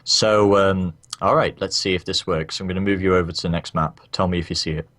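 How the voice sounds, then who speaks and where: A man's voice: low-pitched, fairly even intonation, a little fast, a bit bright. A man running a tabletop game, narrating scenes in a rambling second-person way. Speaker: game master.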